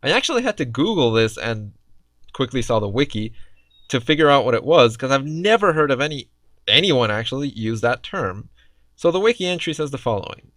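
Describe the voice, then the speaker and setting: A man's voice: medium pitch, sing-song, a little fast, fairly bright tone, no room sound. A man doing reaction commentary in a sarcastic, exasperated way. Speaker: response video commentator.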